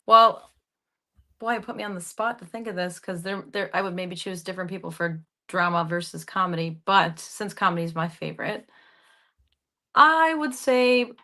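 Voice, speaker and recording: A woman's voice: medium pitch, sharp tone. A young woman actress from the Upper Midwest, with a regional accent, chatting animatedly in an interview and laughing often. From Upper Midwest, Michigan. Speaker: actress guest. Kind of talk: casual interview chat.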